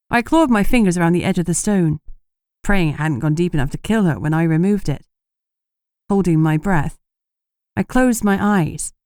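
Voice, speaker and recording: Female audiobook narrator, steady and measured, with a dark, mellow tone and a dry, close sound. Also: lowish voice, no room sound. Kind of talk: scripted first-person narration.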